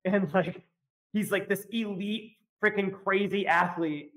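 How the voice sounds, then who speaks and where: A man with a fairly high voice for his sex chats as a podcast guest. He tells a loose, rambling story packed with fillers and laughter. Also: measured pace, fairly bright tone. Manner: rambling, filler-heavy, laughs often while telling. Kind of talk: casual storytelling chat.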